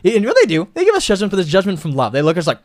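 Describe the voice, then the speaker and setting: Fast-talking young man hosting a podcast. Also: high voice, no room sound, clean studio sound. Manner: animated storyteller, swears casually. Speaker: podcast host. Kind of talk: casual chat.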